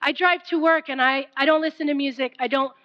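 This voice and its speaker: A woman preaching a passionate, pleading sermon, swinging from loud appeals down to near whispers. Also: high voice, steady tone, brisk, highs cut off.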